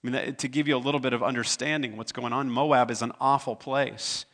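A man's voice: medium pitch, steady tone, brisk, fairly bright tone. A man preaching a sermon as pastor. He retells a scripture story in his own conversational words, earnest and stumbling now and then over repeated words.

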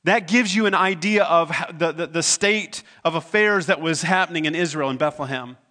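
A man's voice: fairly high pitch, moderate pace, pushed and bright. A man preaching a sermon as pastor. He retells a scripture story in his own conversational words, earnest and stumbling now and then over repeated words.

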